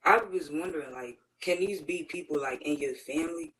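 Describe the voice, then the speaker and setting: Man, hesitant question, filler-heavy, fairly high voice, faint and off-mic. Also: fairly quick. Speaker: co-host asking questions. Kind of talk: casual interview question. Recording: quiet and distant from the mic.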